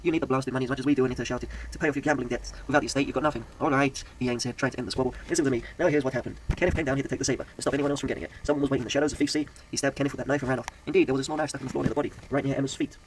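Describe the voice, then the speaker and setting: A man rattles through a mystery story at a very fast clip in a mid-pitched voice. He stumbles now and then and corrects himself. A faint hiss of noise sits under the reading. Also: steady tone. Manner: brisk reading with slips and self-corrections. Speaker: narrator.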